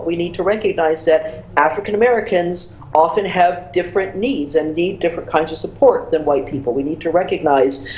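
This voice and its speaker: A woman's voice: on the low side, darkish tone. Passionate woman guest with a roomy echo. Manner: passionate, emphatic argument. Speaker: guest author. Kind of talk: panel discussion.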